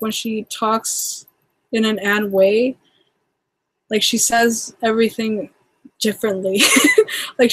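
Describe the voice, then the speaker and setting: A woman's voice: a little high, dry recording. A woman from Canada hosting a casual livestream chat, rambling and peppering her speech with "like". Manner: rambling, heavy use of "like". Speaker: livestream host.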